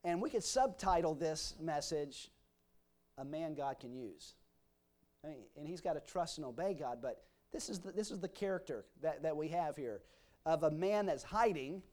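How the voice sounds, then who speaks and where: A preacher with a voice on the higher side for a man delivers a verse-by-verse sermon. He reads old scripture aloud and then explains it in a homely, folksy way, full of everyday comparisons. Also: lively intonation, normal speed, a little mellow. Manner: reads scripture aloud in King James wording. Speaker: pastor. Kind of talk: expository sermon.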